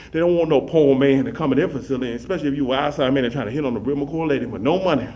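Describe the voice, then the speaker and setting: A man telling rambling comic stories in a rapid, run-on, repetitive way, animatedly acting out the scenes. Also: medium pitch, highs cut off. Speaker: comic storyteller.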